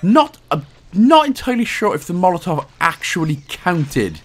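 A man's voice: high voice, big pitch swings, moderate pace. A man with a Welsh accent giving casual game walkthrough commentary, jokey and self-deprecating and swearing freely. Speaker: gaming guide host.

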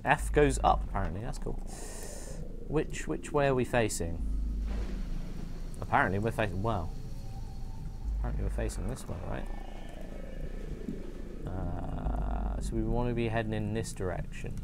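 A man's voice: fairly low pitch, a little slow, creaky, pauses often, background noise. Chatty English man streaming a game. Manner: chatty, excitable, jokey with chat. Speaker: livestream host. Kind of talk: gameplay livestream commentary.

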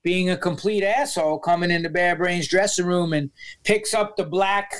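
A man with a New York accent telling profane, animated stories as a podcast guest, acting out the voices of people he quotes. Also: sits high, normal speed, clean tone. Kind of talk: storytelling in a podcast interview.

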